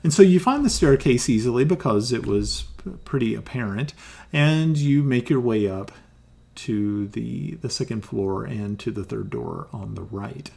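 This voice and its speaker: Slow, halting man running the game. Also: medium pitch, lively intonation, vocal fry, a little mellow. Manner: halting, many ums and restarts. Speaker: game master. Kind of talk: narrating a tabletop game.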